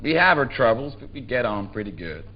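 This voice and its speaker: A man's voice: medium pitch, sing-song, brisk, lo-fi sound. A man giving a live dramatic reading as a coarse, uneducated rural man from the South, telling his tale with an earthy, drawling relish. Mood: gleeful. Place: theatre stage before a live audience.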